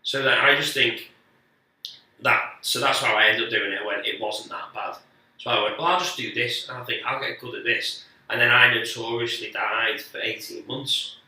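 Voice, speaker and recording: A man's voice: mid-range voice, steady tone, moderate pace, bright, forceful tone. A man, a guest comedian telling rambling, sweary, self-mocking stories on a podcast. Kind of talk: casual podcast storytelling. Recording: echoey room, speaker distant from the mic.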